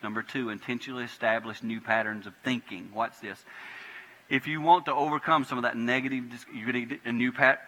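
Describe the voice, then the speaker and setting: A pastor delivers a lively sermon in a church sanctuary, his voice bright and piercing. He swings between quiet, prayerful passages and sudden emphatic bursts. A long reverb trails every phrase. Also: mid-range voice, a little fast. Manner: animated preaching, swinging from hushed prayer to loud emphatic bursts.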